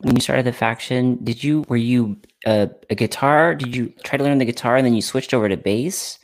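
A man's voice: medium pitch, a little fast. Eager male podcast host. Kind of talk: casual interview.

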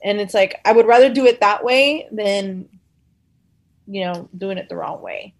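A woman's voice: mid-range voice, moderate pace. Woman chatting about her faith, rambly, tons of "you know"s, acts out what people said to her. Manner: rambling, many fillers and restarts; acts out quoted conversations. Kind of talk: casual faith chat.

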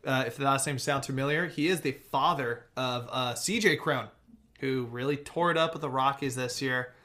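A young man co-hosting a laid-back sports podcast, lively and joking as he runs down the latest team news. His voice sits in an everyday middle pitch. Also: moderate pace. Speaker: podcast co-host. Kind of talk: casual sports podcast chat.

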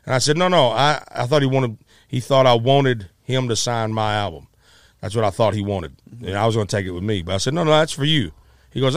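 Animated storytelling man. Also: medium pitch, quick pace, no echo, clean studio sound. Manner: animated, acts out quotes, stammers and restarts. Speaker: musician telling a story. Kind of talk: casual storytelling.

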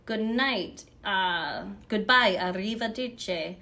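A woman's voice: mid-range voice, measured pace, fairly bright tone. A woman from the United States hosting a podcast on her own, talking casually and rambling a bit as she reads travel phrases aloud from a book. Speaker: podcast host. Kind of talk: casual solo podcast talk.

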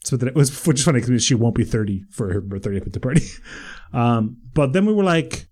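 A man's voice: mid-range voice, animated, fairly quick, a little mellow. A man in his late twenties chatting casually as a podcast co-host, with easygoing, wry humour. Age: late 20s. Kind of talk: casual chat.

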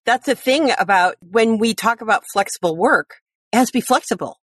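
A woman in casual podcast conversation, chatty, animated and quick to laugh. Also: on the high side, no room sound, clean studio sound.

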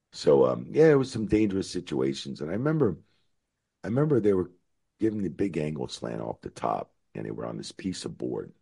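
Middle-aged american guy, super low gravelly voice, lively, tells stories and acts out the yelling. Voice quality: very deep gravelly voice. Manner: animated, acts out shouted quotes. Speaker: former wrestling referee, guest. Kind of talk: storytelling interview answer.

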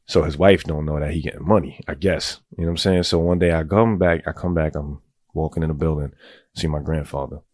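Very deep-voiced New man rambling. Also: steady tone, fairly quick, a little mellow, dry recording, studio quality. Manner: rambling, streetwise, goes on tangents. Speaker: storyteller. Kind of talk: casual profane storytelling.

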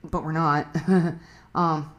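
Southern lady ranting about relationships, lowish voice, cusses a lot, super blunt. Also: level tone, extremely slow. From Southern United States. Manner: blunt and profane, emphatic. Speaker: vlogger giving relationship advice. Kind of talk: casual monologue.

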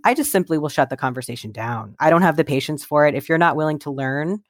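Brief: earnest interview guest, mid-pitched voice, dry close recording. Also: fast, dry recording. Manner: earnest, animated when quoting others. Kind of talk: conversational interview storytelling.

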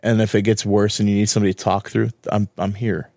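Jokey low-voiced podcast man. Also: flat delivery, gravelly, mellow, no echo, clean studio sound. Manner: jokey, quick to laugh along. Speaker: podcast co-host. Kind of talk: casual chat.

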